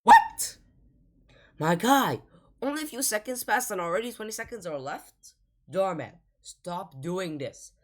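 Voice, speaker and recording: A woman's voice: mid-range voice, animated, normal speed. A woman hosting a reaction video, talking casually and rambling in exasperation.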